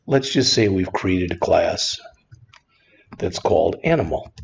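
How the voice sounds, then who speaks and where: A man teaching a screen-recorded programming lesson in a relaxed, conversational way, often saying "all right". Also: deep voice, unhurried, vocal fry, muffled recording, a little hiss or hum. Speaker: programming instructor.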